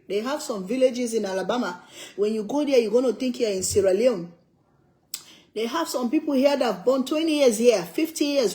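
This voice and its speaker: Heard in a rough recording, this cooking vlogger is an older woman from Africa with a high, darkish voice. She eats while chatting casually and emphatically, restating her points and laughing frequently.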